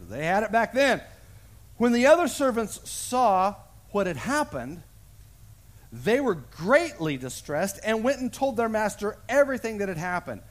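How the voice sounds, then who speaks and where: A male pastor preaching a sermon and acting out the voices of a parable as he tells it. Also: fairly high pitch. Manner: animated storyteller, acts out voices in the parable. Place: church sanctuary.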